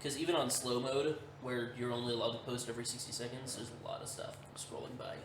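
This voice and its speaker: A man's voice: medium pitch, fairly even intonation, quick pace. A man co-hosting a casual live chat, dry and matter-of-fact. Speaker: co-host of a live chat stream. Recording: echoey room with background noise.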